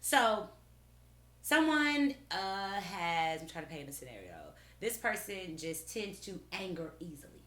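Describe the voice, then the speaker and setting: A woman's voice: fairly low pitch, lively intonation, measured pace, a bit bright. Woman podcast cohost, playful, sets up little scenarios, echoey room. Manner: playful, laughs, paints scenarios. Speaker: podcast co-host. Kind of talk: casual podcast conversation.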